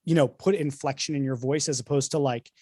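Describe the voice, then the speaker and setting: A man's voice: mid-range voice, fairly even intonation, fairly quick, warm tone, slightly rough, dry recording. A man, an author, explaining his process fluently in a casual podcast conversation. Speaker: author, guest host.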